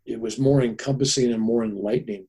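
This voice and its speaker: A man in his seventies, a podcast guest, telling a personal story in an animated way and acting out the people in it. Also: medium pitch, fast talker, breathy edge. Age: 70s.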